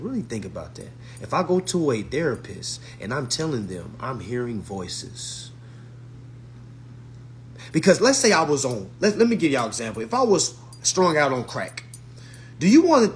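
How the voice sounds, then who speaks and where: A man giving an emphatic, casual rant to camera, swearing and swinging from hushed to loud. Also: medium pitch, slight background noise. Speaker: vlogger.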